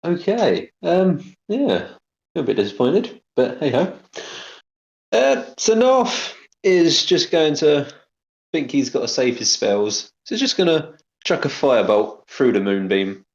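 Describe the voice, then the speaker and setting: A man's voice: a little high, big pitch swings, measured pace, creaky. A man playing a tabletop game, easygoing about setbacks. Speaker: player. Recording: roomy, muffled remote line.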